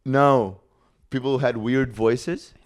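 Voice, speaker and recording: A man's voice: mid-range voice, steady tone, slow pace, no room sound, clean studio sound. A young man co-hosting a podcast, telling stories in a rambling casual way with lots of fillers. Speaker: podcast co-host. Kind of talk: casual chat. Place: festival venue, on a couch.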